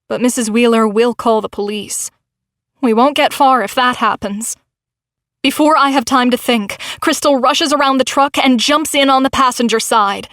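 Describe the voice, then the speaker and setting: A woman's voice: a little high, normal speed, a bit bright, no echo, clean studio sound. A woman narrating a novel in the first person with dramatic, tense storytelling. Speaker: audiobook narrator.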